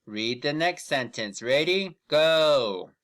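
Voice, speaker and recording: A man teaching an online reading lesson, giving patient, encouraging prompts and drawing out words slowly when reading aloud with students. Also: medium pitch, animated, fairly bright tone.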